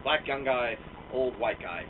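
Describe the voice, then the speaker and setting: A man's voice: medium pitch, measured pace, a little hiss or hum. A man delivering a profane, exasperated political rant on a vlog, recorded with a muffled, phone-like sound from a distance. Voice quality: profane, animated, exasperated ranting. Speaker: vlogger.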